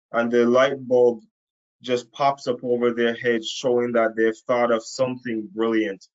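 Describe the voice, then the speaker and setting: A man teaching from the Bible to a camera in a room, slow and emphatic, repeating key phrases for weight. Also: mid-range voice, highs cut off. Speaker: preacher. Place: indoor room.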